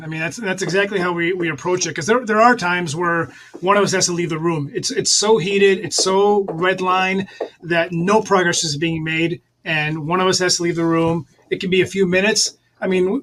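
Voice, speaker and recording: Guy, high voice for a man, earnest, stumbles a bit, slight hiss behind. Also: fairly even intonation, normal speed, fairly bright tone. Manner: earnest, stammering restarts. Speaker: guest, Amazon seller. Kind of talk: casual interview talk.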